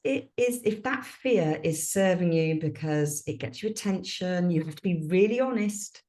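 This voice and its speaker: A woman's voice: lowish voice, moderate pace. Older woman explaining animatedly. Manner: animated, explains at length with lively voicing. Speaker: podcast guest, former midwife and author. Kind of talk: casual interview chat.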